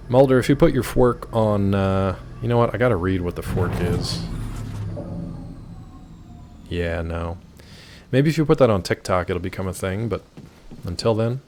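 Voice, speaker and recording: Lively, chatty game streamer man. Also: on the low side, vocal fry, a little hiss or hum. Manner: chatty, answers chat mid-game, wry asides. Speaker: streamer playing a video game. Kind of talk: casual live-stream chat.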